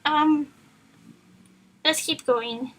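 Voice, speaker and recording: A woman streamer reading a book aloud on a live stream, often breaking off to chat and joke. Her voice sits high and sounds bright. She rambles and stumbles over words as she reads. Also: steady tone, extremely slow, slight background noise, poor audio. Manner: playful, chatty, loses her place in the text. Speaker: streamer, reader.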